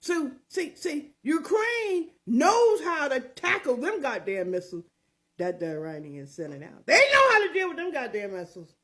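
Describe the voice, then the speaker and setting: A woman's voice: high voice, very animated, moderate pace, a bit bright. An older woman hosting her own opinion show, talking in a sassy, mocking, emphatic way. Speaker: commentary show host. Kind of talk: opinionated commentary.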